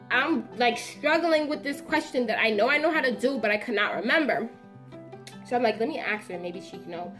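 A young woman recounts a story in a casual vlog. Her voice sits a little high, and she tells it with lively drama and slangy asides. Soft music plays faintly behind her. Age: young adult. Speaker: vlogger.

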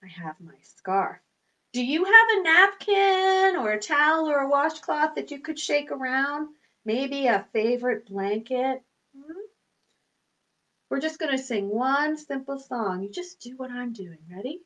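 A woman's voice: high-pitched, animated, a little slow, pushed and bright, dull audio. A woman hosting a children's storytime, singing songs and talking to small children in a sing-song, exaggerated manner. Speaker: children's librarian.

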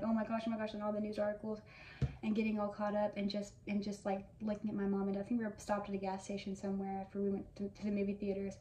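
A young woman around twenty talks through her fan memories, eager and filler-heavy, in a mellow, even voice. She sits a little back from the mic in an echoey room with faint noise behind. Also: mid-range voice, distant mic, dull audio. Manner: gushing fan storytelling with many fillers. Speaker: vlogger. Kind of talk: casual reminiscing monologue.

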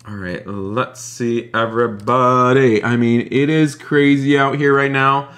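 This is a man narrating his own live gaming stream, buzzing with excitement and constantly turning to his viewers. His voice sits at an ordinary middle pitch but comes across bright and punchy. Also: measured pace. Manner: excitable, keeps addressing the chat as "you guys". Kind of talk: live gaming stream commentary with role-play.

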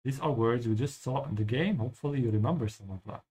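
A man hosting a live-streamed lesson, explaining German pronunciation slowly and switching between English and German. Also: medium pitch, a little mellow, slightly rough. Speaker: language teacher and stream host.

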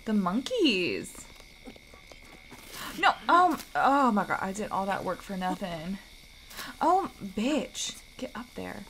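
A woman of middle pitch chats to herself as she plays a game live, swearing freely. Her talk is slow and unhurried. A clear hum of background noise sits under her voice. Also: big pitch swings, a bit bright. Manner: chatty, swearing, talks to herself. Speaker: streamer playing a video game. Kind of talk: casual live-stream commentary.

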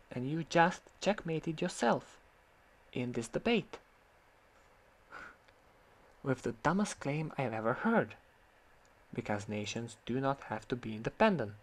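A man from Croatia, ranting in sarcastic, heated commentary about an online argument and swearing freely. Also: medium pitch. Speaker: vlogger.

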